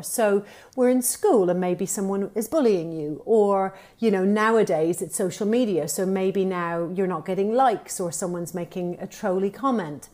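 Woman guest on a podcast, chatty and upbeat, middle pitch, acts out little voices. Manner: animated, upbeat storytelling with playful quoted voices. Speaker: guest, TV presenter and author. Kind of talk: conversational podcast interview.

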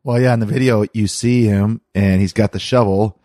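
Calm, matter-of-fact man co-host. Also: fairly low pitch, moderate pace, dry recording, studio quality. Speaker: podcast co-host. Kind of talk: casual chat.

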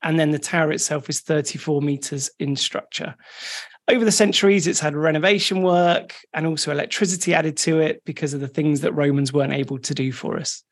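Relaxed podcast co-host recapping updates. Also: mid-range voice, fairly quick. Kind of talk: casual chat.

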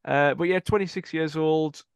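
A man's voice: a little high, fairly even intonation, normal speed, creaky, smooth, no room sound. A man co-hosting a casual football podcast, reading out transfer rumours and correcting his own slips. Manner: rambling, self-correcting, laughing at own slips.

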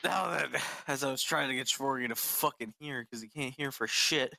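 A man's voice: medium pitch, moderate pace, vocal fry, bright, forceful tone, no room sound, studio quality. A young man chatting casually with friends, brash and mocking, swearing often. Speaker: friend in group chat. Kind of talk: casual chat.

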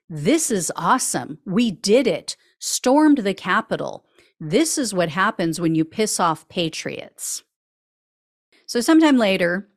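A woman hosting a podcast, reading a scripted case update and breaking into sarcastic, indignant commentary. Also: mid-range voice. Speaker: podcast host.

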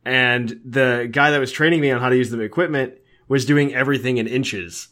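Man, podcast co-host, casual chat, rambling, filler-heavy, mid-pitched. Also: steady tone, fairly quick, sharp tone. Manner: enthusiastic, rambling with many fillers.

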